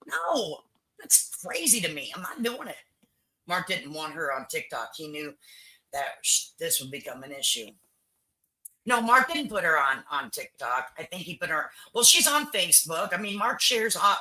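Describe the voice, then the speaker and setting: An older woman hosts a livestream, chatting casually with viewers in a lowish voice with a bright, forceful tone, captured on a rough recording. She's blunt and opinionated, repeats herself, and swears freely.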